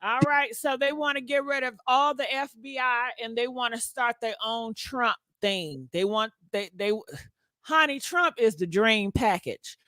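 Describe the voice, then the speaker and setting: A woman hosting a gossip channel, giving blunt, animated casual commentary straight to her viewers. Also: on the high side, measured pace, no room sound.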